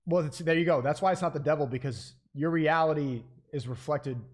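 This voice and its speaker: A skeptical man who jumps into a heated debate to push back. He talks fast in a somewhat high voice. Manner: skeptical, quick interjections. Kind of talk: casual heated debate chat.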